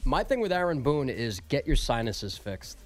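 A man's voice: medium pitch, big pitch swings, normal speed, faint music behind. A man on a sports radio show, teasing in banter and reading the sports update in a plain, chatty way. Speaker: sports update anchor and co-host.

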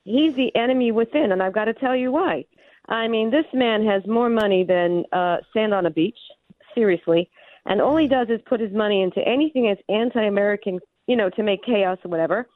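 A woman's voice: mid-range voice, brisk, no room sound. A woman calling a radio show, out of breath and talking in a rambling, emphatic way. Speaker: caller. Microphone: phone. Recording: tinny phone line.

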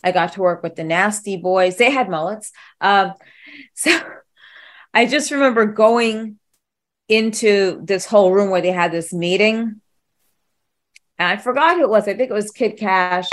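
A woman's voice: mid-range voice, unhurried, long pauses. Casting: female interview host, chatty, jokey, drifts off on tangents. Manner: rambling, jokey, easily sidetracked. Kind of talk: casual interview chat.

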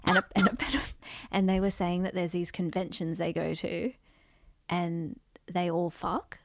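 Australian woman, 30s, low-pitched, dry studio sound, gossipy comic podcast co-host. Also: flat delivery, normal speed, creaky, no echo. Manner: laughing, crude, gossipy. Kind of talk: casual comedy chat.

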